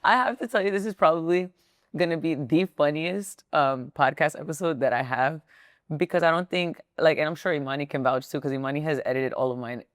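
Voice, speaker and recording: A woman's voice: low-pitched, fairly quick, no room sound, studio quality. A woman hosting a podcast, chatty and giggly, with lots of fillers. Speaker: podcast host. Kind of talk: casual interview chat.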